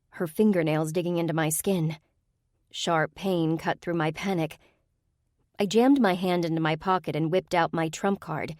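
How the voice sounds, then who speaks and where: A woman's voice: lowish voice, darkish tone, no echo, studio quality. A woman reading a first-person urban fantasy audiobook with a wry, comic delivery. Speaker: audiobook narrator.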